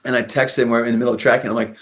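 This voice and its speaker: Racing along at medium pitch, this guest singer-guitarist tells stories in a casual interview setting. He rambles, frequently restarting and using fillers, and gets especially lively when retelling anecdotes.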